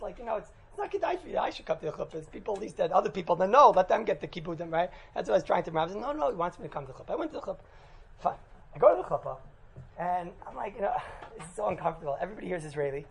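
Gravelly American rabbi spinning a yarn. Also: male voice, sits high, big pitch swings, racing, low-quality recording. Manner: chatty, keeps asking "right?", chuckles at his own jokes. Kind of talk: humorous storytelling talk to a congregation.

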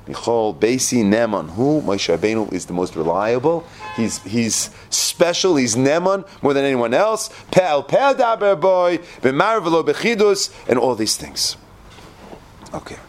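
A man giving a Torah class, quoting Hebrew verses and translating them, dropping to a low hush at dramatic moments. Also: moderate pace, slight background noise. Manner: expressive, quotes Hebrew verses then translates. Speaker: Torah teacher.

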